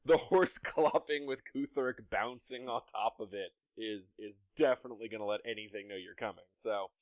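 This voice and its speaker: A man's voice: on the low side, normal speed, dry recording, highs cut off. A man narrating a tabletop game as game master, descriptive and amused, laughing often.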